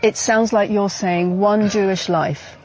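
A woman's voice: mid-range voice, fairly even intonation, measured pace, darkish tone, a little hiss or hum, rough recording. A woman reporter asking pointed, challenging questions in an interview.

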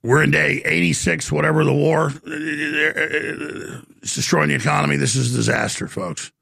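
A middle-aged man hosting call-in talk radio, intense and quick, repeating himself. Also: on the high side, steady tone, creaky, bright, forceful tone, slightly rough, no echo, studio quality. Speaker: radio talk show host.

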